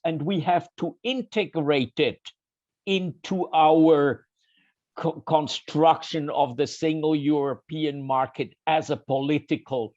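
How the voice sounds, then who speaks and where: A man from Switzerland speaks in a fairly high voice, stumbling through restarts as he makes his points. The sound is dull and lo-fi, with no room echo at all. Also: a little mellow. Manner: halting, with many restarts and repeated words. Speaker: panelist. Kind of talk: round-table discussion.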